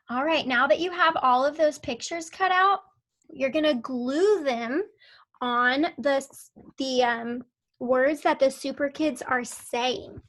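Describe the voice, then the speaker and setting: Slow, bright-voiced woman teaching kindergarteners. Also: high voice. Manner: patient, slow, sounds out words and letters. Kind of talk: online phonics lesson for young children.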